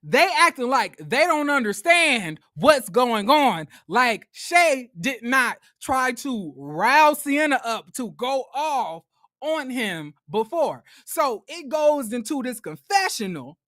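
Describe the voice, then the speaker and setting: A man recapping a reality show in a casual commentary vlog, talking to viewers as y'all in an animated, profane way. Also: extremely high pitch, takes it slowly, no room sound, studio quality.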